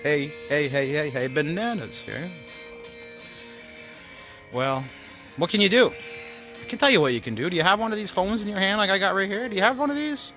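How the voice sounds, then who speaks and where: A man, hosting his own show and ranting angrily to camera, profane, swinging between shouting and muttering. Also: high voice, expressive, fairly quick, pauses often, soft background music. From Canada. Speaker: show host. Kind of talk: angry political rant to camera.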